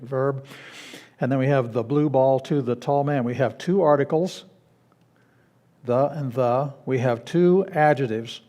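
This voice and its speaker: Mellow-voiced man teaching a class. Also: mid-range voice. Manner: patient, explanatory, with frequent restarts and fillers. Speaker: Greek teacher. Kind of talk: classroom lecture. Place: church classroom.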